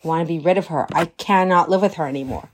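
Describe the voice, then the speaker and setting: A woman's voice: fairly low pitch, fast talker, a little hiss or hum, pitched below the performer's own voice, close to an everyday voice. A woman voicing an unhappy husband who is fed up with his wife, complaining bluntly. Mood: exasperated.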